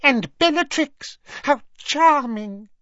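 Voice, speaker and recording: A man voicing a cowering, rat-like little male servant with a shrill, squeaky voice, whining and defensive, recorded dry and dull. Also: animated, takes it slowly, fairly bright tone, no room sound, full character voice. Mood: fawning.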